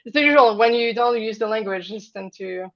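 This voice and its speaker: A woman's voice: a little high, fairly quick, lo-fi sound. A woman from France, a guest in a casual interview, talking with many fillers and light laughs over a video call.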